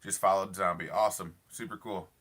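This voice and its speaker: This is a young man with a low, bright voice chatting to his live stream viewers from a parked car late at night. He is enthusiastic and rambling, circling back with "I love it" and "I don't know" as he answers comments. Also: steady tone, fairly quick, slightly rough. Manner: enthusiastic, rambling, lots of fillers and repeats. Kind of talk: casual live stream chat reading comments.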